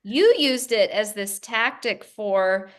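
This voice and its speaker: A woman's voice: medium pitch, takes it slowly. A woman from the American Southwest interviewing a publisher in a casual chat, acting out quotes and laughing often.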